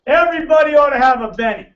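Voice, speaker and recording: Brash male presenter, high voice, teasing a crowd; captured from across an echoey room, dull sound. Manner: brash, joking, teasing the audience. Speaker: financial seminar presenter. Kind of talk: lively seminar talk to a room. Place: meeting room with an audience. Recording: roomy, distant, muffled room recording.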